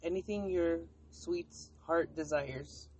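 A woman's voice: on the low side, slow, darkish tone, slightly rough, no echo. A woman guest on a casual podcast chat, joking and laughing as she talks.

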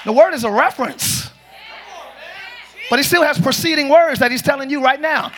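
High, bright-voiced man preaching loudly. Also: moderate pace, a little hiss or hum. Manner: shouting, joking, calls to the congregation. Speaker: pastor. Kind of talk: lively preaching. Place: large church with congregation.

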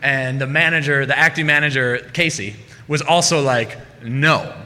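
A man's voice: medium pitch, normal speed, bright, forceful tone. A man hosting a live storytelling night and telling his own story, loose and laughing as he acts out quotes. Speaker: host and storyteller. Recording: long hall reverb, faint room noise.

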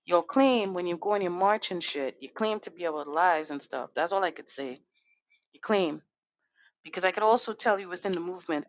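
Woman, podcast host, impassioned monologue, angry, profane, rhetorical questions, muffled lo-fi sound. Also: lowish voice. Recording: dull dry lo-fi recording.

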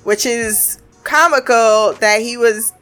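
A woman's voice: a little high, takes it slowly, fairly bright tone, faint music behind. A woman giving a casual, blunt and sarcastic review of a TV show, swearing freely as she recaps the episode.

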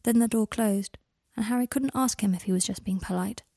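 A woman reading a story aloud, with soft, intimate, measured narration. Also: medium pitch, slightly rough, no echo, clean studio sound. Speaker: podfic reader. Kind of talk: audiobook narration of fan fiction.

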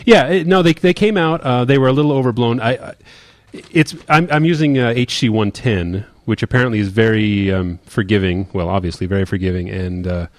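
A man co-hosting a casual podcast, talking in quick, rambling bursts and correcting himself as he goes. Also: medium pitch, no echo. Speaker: podcast co-host. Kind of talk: casual chat.

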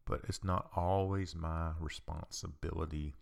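A man's voice: low voice, steady tone, a little slow, gravelly, darkish tone. A man hosting a podcast, giving a conversational teaching talk and repeating his points for emphasis. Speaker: podcast host.

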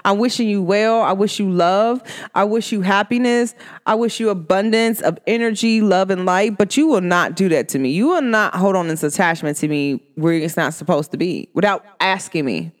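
A spiritual reader who also makes candles speaks in a casual podcast monologue, blunt and animated. Her voice is medium in pitch and moves at a moderate pace.

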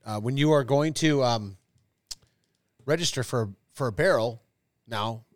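A man co-hosting a podcast in casual chat, chatty and quick with questions. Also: medium pitch, dry recording, studio quality. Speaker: podcast co-host.

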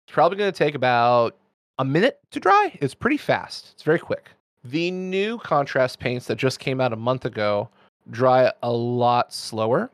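A man's voice: mid-range voice, dry recording, studio quality. A man in casual conversation, explaining things enthusiastically in long, flowing runs. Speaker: miniature painting expert host. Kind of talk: casual chat.

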